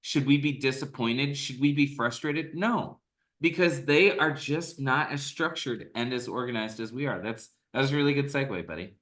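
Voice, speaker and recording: An energetic man co-hosts a casual podcast, joking around and rambling from point to point. His voice is bright and forward at a middle pitch. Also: normal speed. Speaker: podcast co-host.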